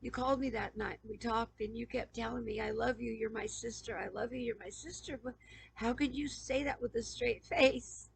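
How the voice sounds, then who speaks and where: A woman's voice: a little high, steady tone, moderate pace, a little hiss or hum, poor audio. A woman YouTuber in an emotional personal appeal to camera, pleading and stammering with repeated questions, on the verge of tears. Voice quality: raspy, gravelly.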